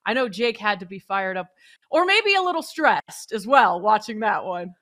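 A woman's voice: mid-range voice, very animated, normal speed, sharp tone. A woman hosting a casual sports talk show, upbeat and playful as she opens the episode. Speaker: host.

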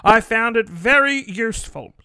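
Brief: man impersonating an older ex-flight director, loud and long-winded, dry close sound. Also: extremely high pitch, animated, moderate pace, clear, resonant tone, dry recording, pitched above the performer's own voice, heavily acted. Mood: earnest, rambling. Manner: loud, formal and rambling.

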